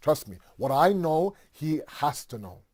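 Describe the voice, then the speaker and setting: A man voicing a nervous male hoopoe bird who asks anxious questions in a low, hushed way. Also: big pitch swings, measured pace. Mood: earnest.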